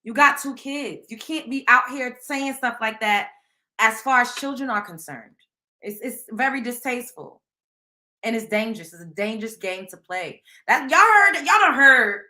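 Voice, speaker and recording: Blunt bright-voiced woman with Southern accent. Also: a little high, normal speed. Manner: blunt, emphatic, slangy, addresses viewers directly. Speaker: host. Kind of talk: casual live-stream commentary.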